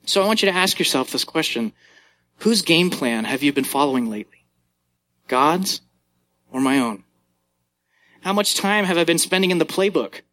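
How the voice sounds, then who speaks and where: Animated young man preaching a sermon. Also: moderate pace, long pauses. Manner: animated storytelling, acting out moments with big pitch jumps. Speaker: youth pastor.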